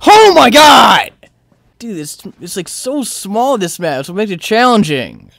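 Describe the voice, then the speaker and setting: Gamer narrating their own play live: vexed, cursing, big pitch swings from shouts to mutters. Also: big pitch swings, moderate pace, no echo. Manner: frustrated, swearing and yelling at the game; swings between loud outbursts and low muttering. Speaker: video game player. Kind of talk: live gameplay commentary.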